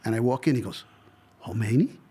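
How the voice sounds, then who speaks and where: A man's voice: fairly high pitch, brisk. A man in casual podcast chat, reminiscing and chiming in with agreement. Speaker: podcast guest, childhood friend.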